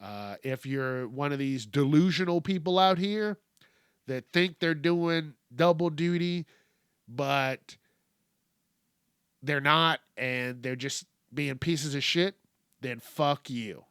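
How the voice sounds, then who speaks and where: Male solo host, blunt profane rant, unhurried delivery, dry close sound. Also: a little high, fairly bright tone, smooth, no echo. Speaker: podcast host. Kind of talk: solo ranting monologue.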